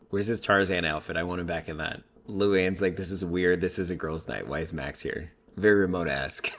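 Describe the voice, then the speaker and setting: A man giving casual, opinionated commentary while recapping a reality TV episode. He thinks aloud, fills his talk with "like" and laughs easily between remarks. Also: low voice.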